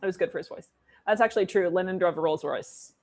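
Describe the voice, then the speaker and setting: A woman's voice: lowish voice, fast talker, darkish tone. A woman co-hosting a livestream, chatting playfully and rambling, often laughing. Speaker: livestream co-host. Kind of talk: casual chat.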